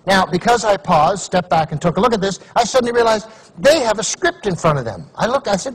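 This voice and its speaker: Fairly quick and high-pitched with a breathy edge, this middle-aged Canadian man gives a comic keynote as a motivational speaker. His storytelling is animated, and he imitates other people's voices along the way.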